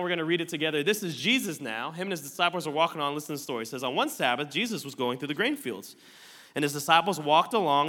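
A man's voice: on the high side, sharp tone. A man preaching a sermon as a pastor, conversational and playful, with joking asides to the congregation. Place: church auditorium with slides. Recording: long hall reverb.

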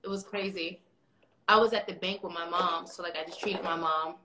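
A woman telling stories on a casual livestream, animated and slangy. Her voice is bright and forceful, and the room around her sounds echoey. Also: on the low side, moderate pace, a little hiss or hum. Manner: animated storyteller, slangy and swearing. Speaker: livestream guest.

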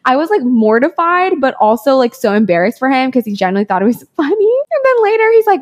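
A woman's voice: high-pitched, quick pace, hardly any pauses. Bubbly young woman co-hosting a podcast. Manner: animated storyteller, lots of "like" and laughing. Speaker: podcast co-host. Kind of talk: casual chat.

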